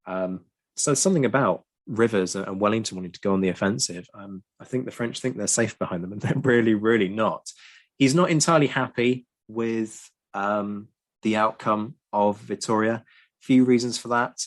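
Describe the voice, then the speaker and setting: A man explaining history in a casual chat, lively and prone to ranting. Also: lowish voice, moderate pace. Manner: lively, ranting, frequent ums. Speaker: podcast co-host.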